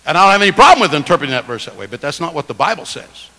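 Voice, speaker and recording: Male preacher, bright and forceful, lively delivery, long reverb of a big hall. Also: a little high, racing. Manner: animated, emphatic, shifts loudness and stress. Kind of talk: sermon.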